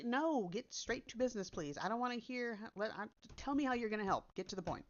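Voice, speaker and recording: Here's a content creator with a slightly high, animated voice, talking a little fast with few pauses. Blunt and direct, she swears casually in a relaxed chat. Her usual mic has been swapped for the computer's built-in one, giving a dull lo-fi recording.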